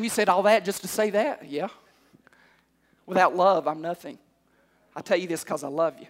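A male pastor preaching a sermon, calling out to the congregation and climbing to shouts. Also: high-pitched. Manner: call-and-response preaching, rising to shouts. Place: church hall. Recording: long hall reverb.

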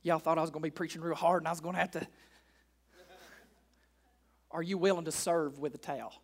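High-voiced male preacher, rhetorical and repetitive. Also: steady tone, brisk. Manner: repeats key lines and asks the congregation rhetorical questions; swings between hushed and loud emphatic delivery. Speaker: pastor. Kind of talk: sermon. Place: church in front of a congregation.

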